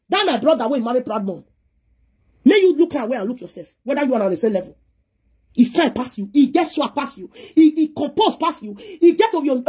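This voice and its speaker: A woman with a Nigerian Pidgin accent talks fast, scolding and preaching on a live video. Her voice is husky, and she switches freely between pidgin and English. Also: high voice, darkish tone. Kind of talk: heated live-stream rant.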